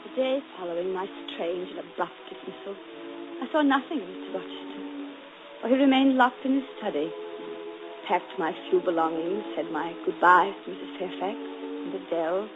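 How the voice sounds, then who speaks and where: A woman playing a proud, earnest young governess in a 1940s radio drama, crisp and dignified, turning bitter and fervent, and also narrating the story. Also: fairly low pitch, moderate pace, over music, lightly acted. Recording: muffled noisy 1940s radio broadcast.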